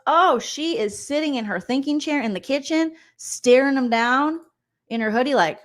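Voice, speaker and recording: A woman comedian recapping reality TV in an animated, gossipy, sarcastic way. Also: high-pitched, moderate pace. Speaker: comedian host.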